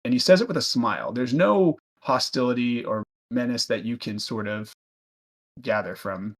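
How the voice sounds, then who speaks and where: A man runs a tabletop role-playing game, narrating scenes loosely. His pitch is middle for a man. He talks in a casual way, full of ums and restarts. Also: moderate pace. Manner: casual, loose, many fillers. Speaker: game master.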